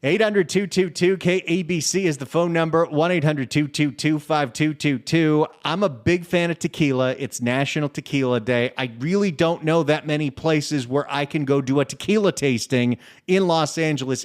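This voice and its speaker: A man's voice: fairly high pitch, moderate pace, hardly any pauses. A man hosting a radio talk show in a chatty, enthusiastic way, taking calls and reading listener emails. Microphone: studio microphone.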